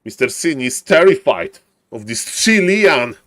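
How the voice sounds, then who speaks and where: A man casting a live strategy game, excitable, repeating phrases and yelling advice at the players in non-native English. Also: mid-range voice, measured pace. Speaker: esports caster.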